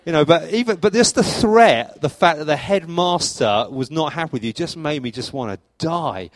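Animated male preacher, dry close sound. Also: moderate pace, hardly any pauses, dry recording. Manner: animated storytelling, acts out anecdotes with jumps in pitch and volume. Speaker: pastor. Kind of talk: sermon.

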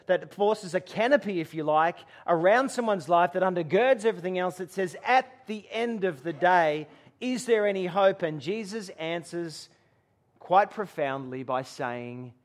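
A man preaching a sermon to a gathering, telling a story and dropping to a hush for dramatic moments. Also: high voice, moderate pace. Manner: storytelling with dramatic hushed drops. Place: room with a gathering.

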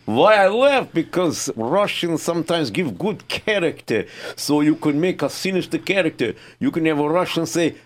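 A man doing a booming Russian tough guy. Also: lively intonation, moderate pace, hardly any pauses, close to an everyday voice. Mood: boastful. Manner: broken English, booming. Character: boastful Russian man, laughs a lot.

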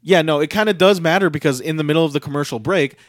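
A man with a fairly high voice, talking through a wrestling match move by move on a casual podcast. He gets excited and loud on the big spots. The sound is dry and close, with no room around it. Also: fast talker, no echo. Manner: lively play-by-play, rising loudly on big moves. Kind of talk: casual chat with play-by-play recap.

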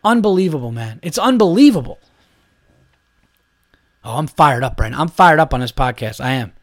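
A man's voice: a little high, animated, moderate pace, no room sound, studio quality. A man in his thirties hosting a solo podcast, ranting in a heated, profane, rambling way. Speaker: podcast host.

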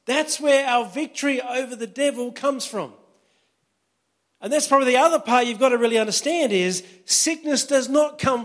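A pastor with a voice notably high for a man delivers an easygoing, conversational sermon to his congregation. He often pauses to make sure his listeners are following.

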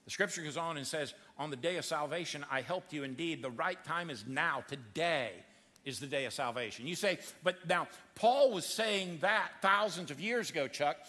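Man, pastor, high lively voice, sermon, bright tone, long hall reverb. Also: normal speed. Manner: animated, acts out quotes with big pitch swings. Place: church sanctuary.

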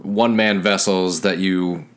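A man's voice: low-pitched, steady tone, measured pace. A man co-hosting a podcast in casual, joking chat. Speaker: podcast co-host.

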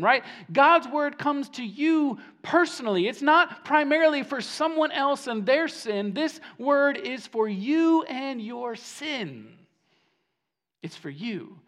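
A man preaching a sermon as pastor, animated and emphatic, often repeating words as he starts a phrase. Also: high-pitched, a little slow. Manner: animated preaching, swings between hushed and emphatic.

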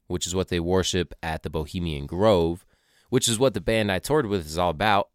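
A man's voice: deep voice, smooth, no echo, clean studio sound. A young man telling a rambling, profane story in a casual monologue, with conspiratorial asides. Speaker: podcaster recounting a tour.

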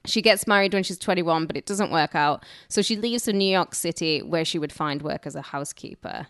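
A woman with a lower-pitched voice recorded close and dry. She tells history stories in an irreverent, crude way and laughs often. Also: fairly quick, a bit bright, no echo. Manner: irreverent, crude jokes while narrating. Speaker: podcast co-host. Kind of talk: storytelling history podcast.

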